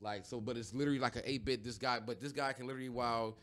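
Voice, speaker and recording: A man's voice: medium pitch, steady tone, racing, a bit bright. A man co-hosting a podcast, chatting casually in a loose, rambling way with lots of fillers and restarts. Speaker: podcast co-host. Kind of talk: casual chat.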